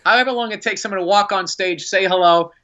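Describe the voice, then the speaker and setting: Man, comedian, lively anecdote, bright higher voice, dull lo-fi sound. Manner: animated, laughing, fast-paced anecdote telling. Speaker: stand-up comedian. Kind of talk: storytelling.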